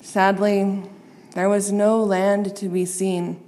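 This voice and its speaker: Slow expressive woman reading a storybook. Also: mid-range voice, long reverb tail. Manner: expressive, playing up sound words.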